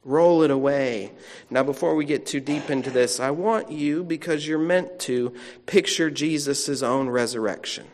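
A man's voice: on the high side, moderate pace. A male pastor giving a sermon in a chatty storytelling way, with asides to the congregation. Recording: long reverb of a large hall.

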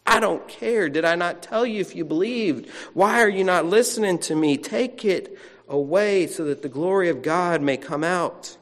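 A man voicing an exasperated adult male prophet who talks quickly and with irritation, then turns quiet and prayerful. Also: sits high, voice pushed up. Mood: angry, impatient. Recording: long reverb of a large hall.

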